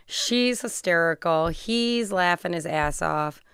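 Middle-aged woman guest, low smooth voice, dry close sound; animated, profane, laughs a lot. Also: slow pace, dry recording. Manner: animated storyteller, swears freely, laughs often. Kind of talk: casual chat.

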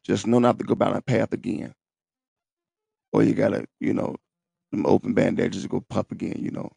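A man's voice: on the low side, fairly even intonation, normal speed, gravelly, mellow, slightly rough, no echo. A man hosting his own podcast, rambling in a profane, streetwise, boastful way. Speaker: podcast host. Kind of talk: rambling solo podcast talk. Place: at home, seated in a wheelchair.

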